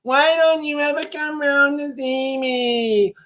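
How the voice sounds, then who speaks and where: A man's voice: very high-pitched, slow pace, sharp tone, voice pushed up, full character voice. A man doing a naggy, lonely woman. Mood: whining. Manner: naggy, whining.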